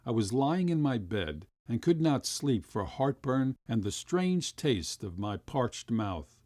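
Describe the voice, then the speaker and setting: A man reading a classic short story aloud as an audiobook narrator, with expressive storytelling. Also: slow pace, no room sound, clean studio sound. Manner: expressive storytelling, rising high for quoted voices.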